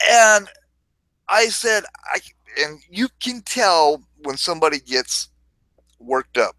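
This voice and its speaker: A man's voice: sits high, very animated, slow pace, bright, forceful tone, dry recording, poor audio. A man hosting a livestream, telling a rambling, crude story in a casual way, often laughing and swearing. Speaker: livestream host.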